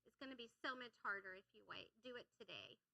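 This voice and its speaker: Woman preacher, high and very bright voice, energetic, draws the room into call-and-response. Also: fast talker, vocal fry, poor audio. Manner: energetic, coaxing the congregation. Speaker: church speaker. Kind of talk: sermon with audience call-and-response. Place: church sanctuary.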